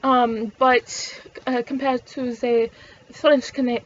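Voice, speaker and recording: A woman's voice: on the high side, level tone, slow, dull audio, a little hiss or hum. A Canadian woman vlogging in casual chat, rambling and swearing, often correcting herself mid-sentence. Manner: rambling and profane, with frequent self-corrections.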